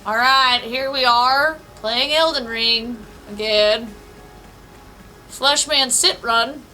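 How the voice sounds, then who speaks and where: A woman with a high, bright voice chats unhurriedly while streaming a game from her apartment. She giggles a lot, swears freely and thinks out loud, with faint music playing behind her. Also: takes it slowly, rough recording. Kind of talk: casual live-stream chat while playing. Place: apartment room.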